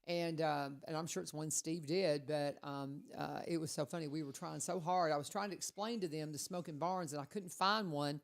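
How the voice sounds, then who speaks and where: A woman hosting a casual radio chat, telling stories in a chatty, animated way. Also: low voice, normal speed, gravelly, few pauses. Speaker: radio host.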